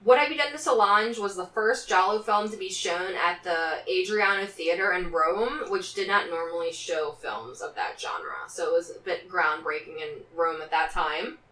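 Her voice sits on the low side, bright and forceful, moving at a moderate pace with few pauses. As a co-host of a casual film podcast, she reads from notes between banter and laughs often; the recording sounds roomy, the mic slightly distant.

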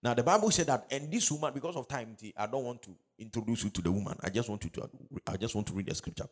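A man preaching a sermon, repeating phrases and calling out questions for the congregation to answer, rising to loud, drawn-out emphasis. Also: mid-range voice, expressive. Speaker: pastor.

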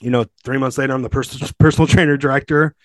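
A man's voice: mid-range voice, steady tone, fast talker, no echo. Profane, fired-up man telling stories. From Southern California. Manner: profane, emphatic, rambling with restarts. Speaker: podcast guest, gym owner. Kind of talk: casual storytelling.

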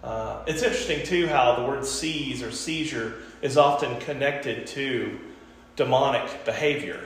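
A man's voice: mid-range voice, unhurried, a little hiss or hum. A man hosting a casual Bible discussion podcast, talking earnestly and repeating himself as he works through a passage. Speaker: preacher and podcast host. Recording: echoey room with long reverb.

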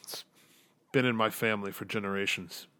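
A man voicing an evasive rogue who mutters his answers quietly and haltingly. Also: fairly low pitch, fairly even intonation, no room sound. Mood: guarded.

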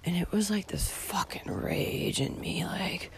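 Walking a hiking trail on the Camino, a young podcast host vlogs herself in a profane rant. Her mid-range voice is gravelly and darkish with a breathy edge, moving at normal speed with hardly any pauses.

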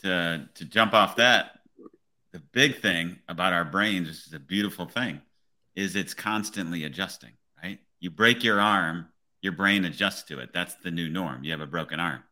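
Bright-voiced man, earnest motivational talk. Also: low voice, normal speed. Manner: earnest, motivational, keeps asking "right?". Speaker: police officer and podcast host. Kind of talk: casual podcast conversation.

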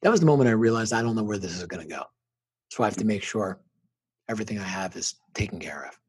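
A man's voice: lowish voice, lively intonation, quick pace, husky. A middle-aged man and motivational speaker telling his personal story as a guest, intense and emphatic with punchy repeated phrases.

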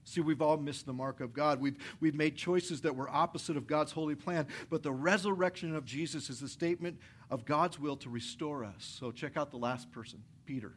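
A man, a pastor, preaching a conversational, energetic sermon in a church, repeating his phrases for effect. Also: fairly high pitch, a little fast, slight background noise. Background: soft guitar music.

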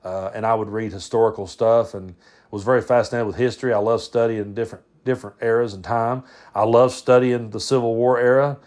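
A man's voice: mid-range voice, little pitch movement, fairly quick, darkish tone. Rambling man telling stories. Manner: rambling, self-interrupting, chuckling. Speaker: podcast host. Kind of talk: casual storytelling.

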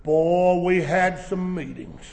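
A man preaching a sermon, swelling into shouted emphasis, recorded in a church sanctuary. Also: high-pitched, slow pace, creaky, very noisy. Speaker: pastor. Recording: echoey church hall.

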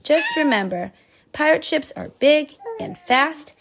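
A woman reading a picture book aloud, voicing a gentle father who calmly reassures his son. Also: high-pitched, a little slow, noisy background, voice pushed up. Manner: gentle, patient.

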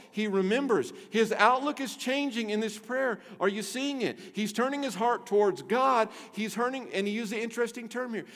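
A man preaching a sermon to his church, swinging between loud emphasis and hushed low tones, with a bass singing voice. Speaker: pastor. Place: church sanctuary. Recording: long hall reverb.

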